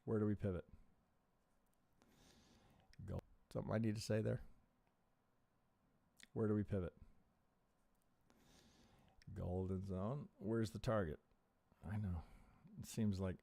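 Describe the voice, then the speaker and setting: A trading analyst hosting a live chart review speaks in a lowish, steady, mellow voice with vocal fry, unhurried and with long pauses. He thinks aloud through rhetorical questions, muttering to himself and swearing under his breath in frustration.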